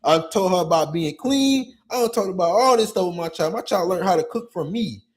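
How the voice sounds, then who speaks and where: A man hosting a podcast and talking casually as a youth coach. He vents in an animated way and keeps asking "you know what I'm saying.". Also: high-pitched, fairly quick. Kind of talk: casual monologue.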